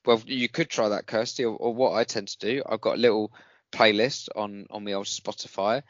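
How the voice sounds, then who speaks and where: A rambling, jokey man co-hosting a relaxed chat, his lowish voice coming through dry and a little dull. He talks with an easy lilt. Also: no room sound. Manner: jokey, rambling, quick to laugh. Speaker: podcast co-host. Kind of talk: casual chat. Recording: dry, slightly dull sound.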